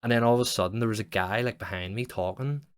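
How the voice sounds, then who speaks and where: A young man hosts a podcast, telling a rambling story in casual chat, swearing often and saying "like" constantly. His lowish voice is clear and resonant, and he talks at a quick pace.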